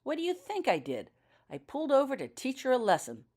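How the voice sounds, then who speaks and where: A woman's voice: high-pitched, wildly swooping pitch, fairly quick, a little mellow, voice pushed up, heavily acted. A woman voicing an irritable, blustering male wizard guard in a fan fiction audiobook reading. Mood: angry. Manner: snappish, defensive, blustering.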